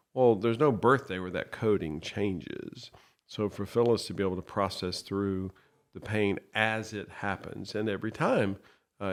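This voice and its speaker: A man co-hosting a podcast, explaining his thoughts in a thoughtful, measured way. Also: low-pitched, vocal fry. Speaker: podcast co-host. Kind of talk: reflective podcast conversation.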